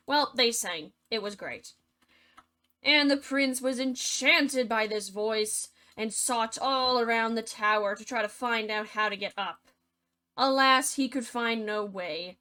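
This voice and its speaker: A woman's voice: on the high side, bright, forceful tone. A young woman retelling a fairy tale as a comedy, chatty and full of sarcastic asides. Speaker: storyteller.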